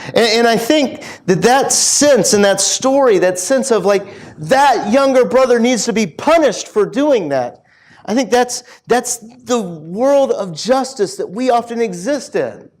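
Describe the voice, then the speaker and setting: A man with a notably high voice gives a relaxed, conversational sermon in a church. He tells the story as if chatting with friends, slipping into characters' voices and piling up casual fillers. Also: unhurried. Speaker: preacher.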